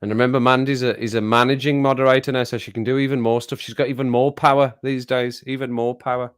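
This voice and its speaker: A middle-aged man hosts a casual live stream, reading the chat aloud, teasing viewers, laughing often and repeating his phrases. His smooth, medium-pitched voice moves at a quick pace with little pitch movement.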